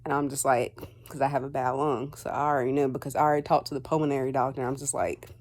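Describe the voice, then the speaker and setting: A woman with a low voice tells a personal story to the camera in a loose, chatty vlog. She leans on "like" and "um" and slips into quoted back-and-forth as she goes. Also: level tone, fast, darkish tone. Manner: rambling, heavy on fillers like "like" and "um"; acts out dialogue in quotes. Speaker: vlogger.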